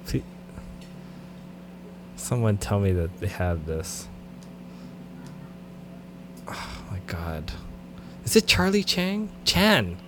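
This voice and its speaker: Animated, joking podcast host man. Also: on the low side, background noise. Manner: animated, joking, quick to laugh. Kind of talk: casual podcast banter.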